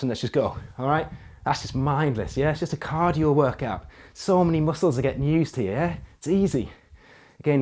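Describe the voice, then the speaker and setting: A man leading a suspension-trainer workout with energetic, hands-on coaching. He counts out reps as he moves and keeps checking in with short "all right?" tags. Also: medium pitch. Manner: energetic coaching, often while exercising. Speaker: fitness coach. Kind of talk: workout instruction.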